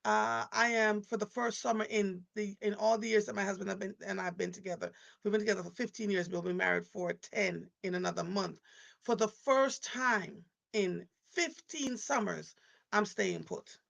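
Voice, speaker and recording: A woman's voice: medium pitch, fairly even intonation, normal speed, gravelly, fairly bright tone. A woman in her fifties hosting a live stream, chatting casually and rambling through stories with frequent restarts. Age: 50s. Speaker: live show host.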